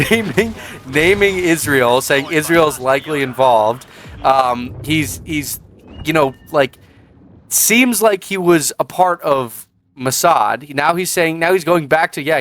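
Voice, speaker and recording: A man's voice: on the high side, fairly bright tone, a little hiss or hum. Sarcastic man vlogging a reaction. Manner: sarcastic, rambling with restarts. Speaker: commentary vlogger. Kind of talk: casual reaction commentary.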